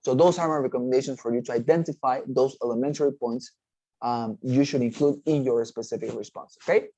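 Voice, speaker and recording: Man, test-prep teacher, mellow voice, dry close sound, explanatory, frequent "okay?" check-ins. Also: mid-range voice, dry recording, poor audio. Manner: halting, restarts phrases. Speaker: TOEFL teacher. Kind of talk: recorded class lecture.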